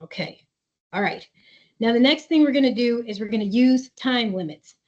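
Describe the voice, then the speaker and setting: A woman's voice: fairly high pitch, normal speed, highs cut off. Woman therapist presenting a parent webinar. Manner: warm, earnest, conversational, reads chat comments aloud. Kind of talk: webinar presentation with chat reading. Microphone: video call.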